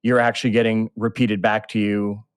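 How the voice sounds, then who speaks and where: A man's voice: on the low side, flat delivery, normal speed, clean tone, no room sound. Male podcast host on a dry close mic. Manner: enthusiastic, talks straight to listeners. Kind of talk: conversational interview.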